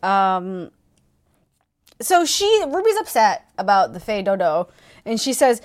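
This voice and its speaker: A woman's voice: medium pitch, sing-song, takes it slowly, long pauses. A young woman co-hosting a casual book discussion, reading passages aloud and making wry, playful jokes. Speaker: podcast co-host.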